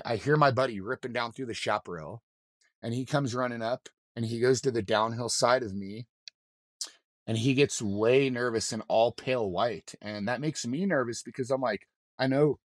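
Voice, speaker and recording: A man's voice: medium pitch, dry recording, studio quality. A man, a mountain guide on a podcast, telling a story in a loose, rambling way, full of swearing and restarts. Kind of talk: casual storytelling in an interview.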